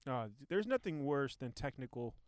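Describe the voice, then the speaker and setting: A man's voice: mid-range voice, big pitch swings, moderate pace, no room sound. A man hosting a casual comedy podcast from home, rambling and joking on a new microphone. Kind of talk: casual chat.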